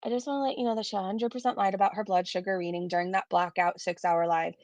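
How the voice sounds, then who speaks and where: A woman's voice: mid-range voice, steady tone, fast talker, a little mellow, no room sound, highs cut off. A woman doing casual live-stream commentary, chatting and reading viewer comments aloud with blunt, swearing asides.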